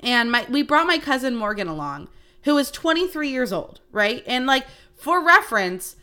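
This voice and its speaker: A woman around thirty chats on her podcast in a lively, unfiltered way, with plenty of cursing as she tells her stories. Her voice sits a little high and rings bright and forceful. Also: moderate pace. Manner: animated, swearing freely, chatty. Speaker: podcast host. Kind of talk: casual storytelling chat.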